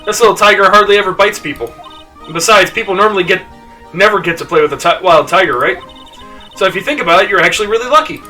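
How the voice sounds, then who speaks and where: A man voicing a perky, carefree young woman animal tamer in a video game, in a bubbly, squealing high voice. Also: fast, sharp tone, recorded from a distance, soft background music. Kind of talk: voicing game dialogue on a live stream.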